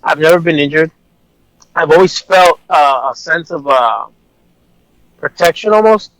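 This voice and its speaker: A man's voice: a little high, animated, measured pace, fairly bright tone, no room sound, rough recording. A man, an officer, telling a personal story in a casual, rambling way, blunt and swearing at times. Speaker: officer guest.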